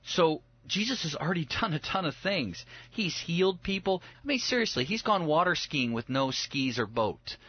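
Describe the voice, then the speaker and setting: Brief: male co-host, animated Bible talk, dry dull lo-fi sound. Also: fairly high pitch, moderate pace, few pauses, slightly rough, no room sound. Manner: animated, acts out voices of biblical figures. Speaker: Bible study podcast co-host. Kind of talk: casual Bible discussion.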